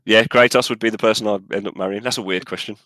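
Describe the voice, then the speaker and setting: Rambling, animated young man, dry close mic. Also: on the low side, quick pace, dry recording. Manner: animated, rambling, voice jumps up when excited. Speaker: podcast co-host. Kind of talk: casual chat.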